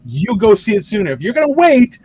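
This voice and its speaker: A man's voice: sits high, big pitch swings, brisk, darkish tone, slightly rough, muffled recording. A man, a comedian, riffing profanely in casual chat and ranting with acted-out voices. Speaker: comedian podcast co-host.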